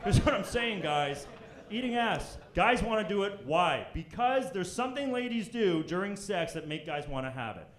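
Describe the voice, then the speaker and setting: A young Canadian man doing a crude, brash stand-up set on a club stage, jumping into loud high voices when he quotes people. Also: big pitch swings, moderate pace, a little hiss or hum. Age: young adult. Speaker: stand-up comedian. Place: comedy club stage before a live audience. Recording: echoey room with crowd laughter.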